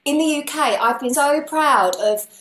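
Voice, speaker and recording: A woman's voice: sits high, unhurried, fairly bright tone. Earnest woman guest in an echoey room. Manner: earnest, heartfelt. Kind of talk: casual chat. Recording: roomy echo with faint noise.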